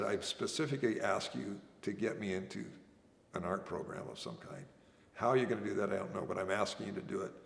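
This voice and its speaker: A man telling his own story as a veteran, earnest and halting, often restarting his sentences. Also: on the low side, vocal fry. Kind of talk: oral history storytelling. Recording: echoey room with long reverb.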